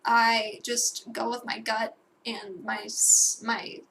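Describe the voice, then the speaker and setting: Taking it slowly, a young woman narrates a digital painting tutorial at home in a fairly high, level voice that's gravelly, bright, and forceful. She rambles and corrects herself with fillers and asides in this casual voice-over, which carries a little hiss or hum.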